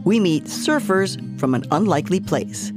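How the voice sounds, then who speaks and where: A woman hosting a radio show, reading scripted links in a lively way with Spanish phrases mixed in. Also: on the low side, normal speed, over music.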